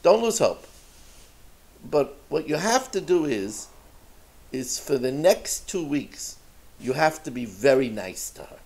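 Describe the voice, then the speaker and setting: A man doing a calm, wise old rebbe. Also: on the high side, full character voice. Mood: soothing. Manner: gentle, measured, patient advice.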